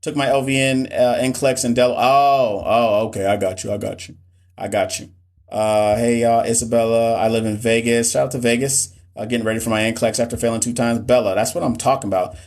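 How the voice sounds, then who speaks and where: A man's voice: mid-range voice, fairly even intonation, brisk, a little mellow. A man, hosting a casual live stream as a nursing tutor, reading viewer comments and chatting with many restarts. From Southern US.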